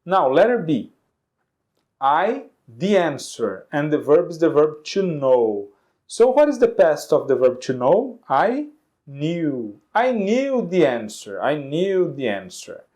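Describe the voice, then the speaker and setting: A man with a Brazilian Portuguese accent gives an English lesson in a warm, darker voice that sits a little high. He takes his time, and his pitch moves widely as he goes through the answers. He repeats each one and checks with his students often. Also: sing-song, slow pace. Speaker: English teacher. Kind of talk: classroom grammar lesson.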